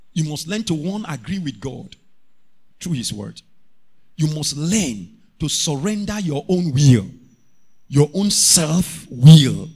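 Man, pastor, sermon, fairly high voice, call-and-response with the church. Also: breathy edge. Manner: preaching with rising shouts and call-and-response.

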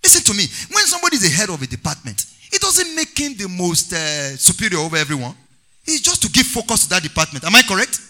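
Male preacher, high bright voice, sweeping sing-song delivery, call-and-response sermon. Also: very animated, rapid-fire.

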